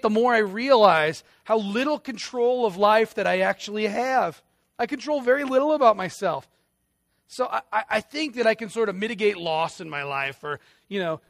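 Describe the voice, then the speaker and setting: A man's voice: high voice, gravelly, no echo, clean studio sound. A pastor preaching a sermon in an earnest, emphatic way, repeating phrases and restarting his sentences.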